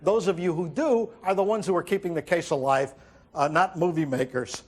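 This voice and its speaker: A man delivering a wry stand-up monologue as host, telling stories and acting out quotes with halting fillers. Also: fairly high pitch. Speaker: comedian host. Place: TV studio with audience.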